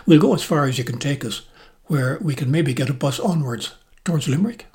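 A man's voice: a little high, animated, brisk, darkish tone. A man narrating voices a pleasant, motherly Canadian woman in her later middle years, friendly and hopeful as she asks for a lift.

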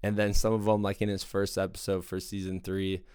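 Young male podcast host, deep smooth voice, dry close sound, eager casual rambler. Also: monotone, brisk, a little mellow, dry recording. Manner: enthusiastic, rambling with fillers. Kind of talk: casual monologue.

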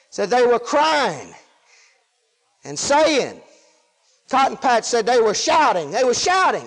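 High-voiced preacher in a reverberant hall. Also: male voice. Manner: folksy, swings from shouting to hushed asides. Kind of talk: sermon.

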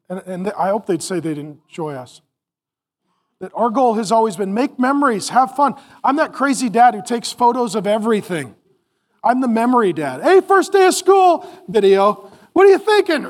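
A middle-aged man preaching a sermon to parents, animated and acting out family scenes, then dropping to a soft calm voice. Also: high voice. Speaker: pastor.

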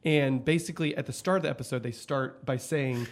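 A man co-hosting a podcast in casual chat, animated and swearing freely as he recounts scenes. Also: mid-range voice, fairly quick. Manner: animated, swearing, quotes scenes in put-on voices. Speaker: podcast co-host.

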